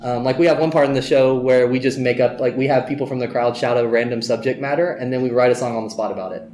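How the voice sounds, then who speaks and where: A man being interviewed about his band, talking in a loose, rambling way, full of fillers and quick laughs. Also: mid-range voice, steady tone, darkish tone. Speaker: guest musician in a band. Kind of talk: casual interview chat. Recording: roomy with faint noise.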